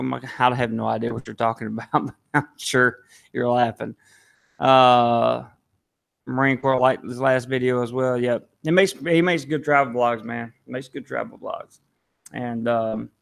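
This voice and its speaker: A man's voice: medium pitch, vocal fry, a bit bright. A man with a Southern US accent, hosting a casual live stream and answering viewer comments aloud. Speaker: live-stream vlogger reading chat.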